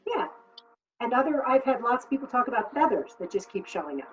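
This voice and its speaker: A woman's voice: a little high, big pitch swings, fast, recorded from a distance, muffled recording, a little hiss or hum. A woman leading a casual group conversation as an animal communicator, encouraging others, laughing often and repeating her words.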